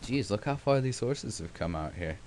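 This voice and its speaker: A man's voice: fairly low pitch, expressive, moderate pace, noisy background. A young man casually narrating his gameplay, rambling with sarcastic, self-mocking asides. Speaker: let's play host.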